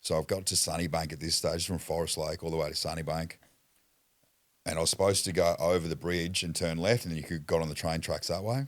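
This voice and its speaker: A man's voice: deep voice, fairly even intonation, fast, no room sound. An Australian man telling a story as a podcast guest, blunt and foul-mouthed in casual chat. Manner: blunt, heavy swearing, acts out quotes.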